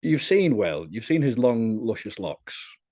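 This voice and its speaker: A young man talking casually as a podcast guest, telling stories in a lively, chatty way. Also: medium pitch, a little slow. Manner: lively, chatty storyteller, often laughing. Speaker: interviewee.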